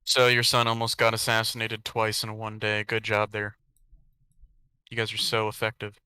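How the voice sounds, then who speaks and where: A man's voice: lowish voice, monotone, normal speed, pushed and bright, clear, resonant tone, dry recording. A man hosting a podcast, reading a fan story aloud with sardonic, swearing commentary. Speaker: podcast host and reader.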